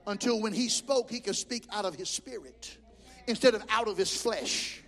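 A man preaching a Pentecostal sermon as pastor in a church, impassioned, with shouted peaks and stammered restarts. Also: high voice, animated, fairly quick. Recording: long reverb of a large hall.

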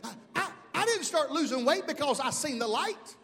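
A man in his fifties from Mobile, Alabama, preaching a sermon as pastor, animated, swinging from shouts to hushed asides. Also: extremely high pitch, moderate pace. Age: 50s. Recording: long hall reverb.

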